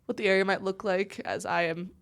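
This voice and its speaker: A woman in a relaxed book-club podcast chat, mid-pitched and conversational. She reads story passages aloud with lively expression and trades quick remarks with her co-host. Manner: animated reader, puts expression into quoted dialogue.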